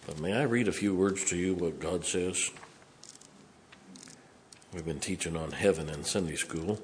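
Older male pastor, fiery sermon, lowish voice, loud-to-hushed swings. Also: unhurried, pauses often, slight background noise.

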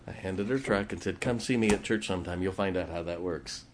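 A man's voice: sits low, quick pace, background noise. Guy pastor preaching in church, folksy storyteller, laughs at his own jokes. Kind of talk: sermon.

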